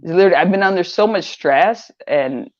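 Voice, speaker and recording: An older woman guest in an interview, who sells online, tells her story a little fast in a lowish voice, rambling, repeating herself, and growing animated when she quotes others. The sound is lo-fi, with no room ambience.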